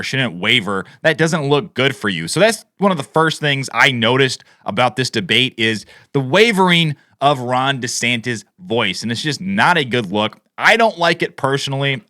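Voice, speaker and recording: A man's voice: medium pitch, sharp tone, no echo, clean studio sound. A man giving casual, opinionated commentary over played video clips. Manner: opinionated, conversational, frequent fillers. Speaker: political commentator.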